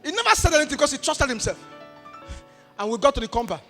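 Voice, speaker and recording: High-pitched Nigerian preacher telling a story. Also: male voice, fast. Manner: animated, shifting between shouts and murmurs. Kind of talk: sermon storytelling. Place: church hall. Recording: reverberant church hall with faint music.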